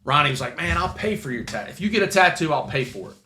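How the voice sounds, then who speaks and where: A man's voice: fairly high pitch, big pitch swings, fast talker, bright, forceful tone, echoey room, slight background noise. A man telling a long story as a guest, rambling with restarts and casual swearing.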